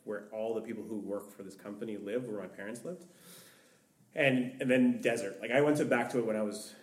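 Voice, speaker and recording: A man's voice: on the low side, a little fast. Man telling a story in an echoey room. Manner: rambling, heavy use of "like". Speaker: podcast guest. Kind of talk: storytelling in casual conversation. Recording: echoey room, distant mic.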